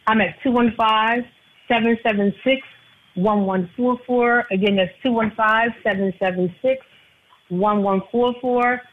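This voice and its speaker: Woman on a phone line, kinda husky, earnest, keeps repeating her number, tinny sound. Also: a little high, steady tone, measured pace. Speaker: insurance agent guest. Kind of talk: casual radio talk.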